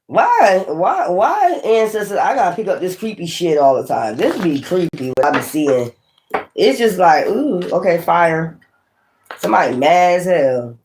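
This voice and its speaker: A man giving a casual tarot reading, blunt and profane, with animated swings in delivery. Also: fairly high pitch, moderate pace, noisy background. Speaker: tarot reader.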